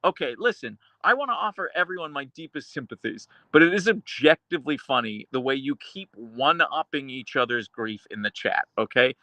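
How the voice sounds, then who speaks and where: Guy streamer reading chat, gravelly bright voice, dry close sound, deadpan dark jokes. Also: medium pitch, normal speed, few pauses, dry recording. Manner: dark deadpan humor, frequent laughter. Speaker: livestream host reading chat. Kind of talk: casual live-stream chat.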